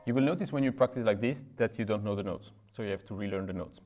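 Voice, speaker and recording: Low-voiced man teaching piano technique. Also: fast talker. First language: French. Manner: explains in plain, slightly non-native English with many "right?" asides. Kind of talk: casual piano lesson with demonstrations. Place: room with a piano. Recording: speech over loud piano playing. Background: loud piano playing.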